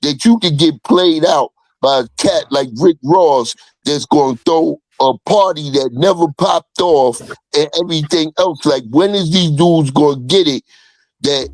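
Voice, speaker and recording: A man's voice: on the high side, a little slow, dry recording, rough recording. A man on a casual podcast, making long rambling opinionated points.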